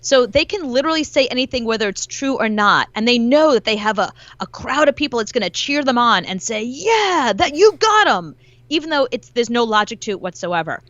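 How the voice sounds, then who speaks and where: A woman's voice: on the high side, fast talker, few pauses, no echo, lo-fi sound. A woman as a guest commentator in a casual interview, talking animatedly and acting out quotes as she goes. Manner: animated, acts out quotes in her own telling. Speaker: guest commentator, celebrity journalist.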